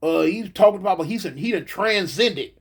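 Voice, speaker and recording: A middle-aged man from California casually telling a story about his past, lively and full of fillers and repeated words. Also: high-pitched, moderate pace, husky. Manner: animated, acts out the voices of others in the story, many fillers and repeats. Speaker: former gang member telling prison stories.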